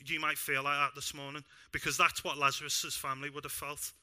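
A young man preaching in a church with a very bright, ringing tone. His voice sits a little high, and he talks in an animated, self-deprecating way, mixing jokes into the sermon. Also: fairly quick. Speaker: pastor.

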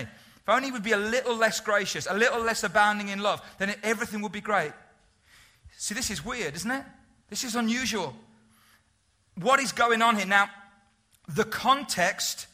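A male pastor preaching a sermon, emphatic and lively, asking the congregation rhetorical questions. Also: sits high.

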